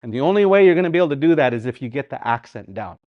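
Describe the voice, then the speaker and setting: During a live language lesson, a lively male teacher says words slowly again and again for practice, occasionally singing phrases to demonstrate their tune. He has a medium-pitched voice, and the echo-free audio sounds narrow and tinny.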